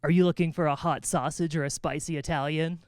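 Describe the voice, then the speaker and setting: An eager male phone-sex line operator, leaning into every suggestive phrase, as a comedian puts him on. His voice sits a touch lower and louder than the comic's usual talk. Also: fairly even intonation, fast talker, dry recording, studio quality, close to an everyday voice. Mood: teasing.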